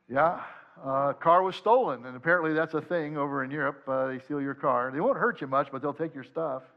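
A man preaching a sermon, first reading scripture in a measured way, then telling a personal story in a relaxed, conversational tone. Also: on the high side, lo-fi sound. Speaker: pastor.

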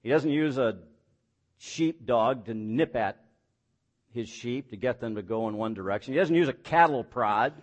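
A man's voice: mid-range voice, expressive, normal speed. Emphatic man preaching a sermon. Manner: emphatic preaching, rising on key points, many rhetorical questions; plain folksy asides and self-deprecating humor. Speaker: pastor.

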